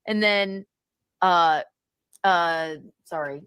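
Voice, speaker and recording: A woman's voice: on the low side, very slow, fairly bright tone, clear, resonant tone, no echo. A woman hosting a livestream, chatting and gossiping with lots of laughs, swearing and mocking impressions. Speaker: host. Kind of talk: casual gossip commentary on a livestream.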